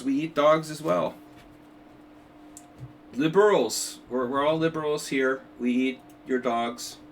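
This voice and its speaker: A man's voice: mid-range voice, a little hiss or hum. Joking, rambling older male chess streamer. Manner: joking, rambling, with many restarts and asides. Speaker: chess streamer hosting a simul. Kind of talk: casual livestream chat.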